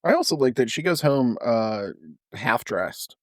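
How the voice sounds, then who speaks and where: A man joking around as a podcast co-host, tossing out deadpan one-liners. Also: mid-range voice, unhurried, no room sound, clean studio sound. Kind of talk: casual podcast banter.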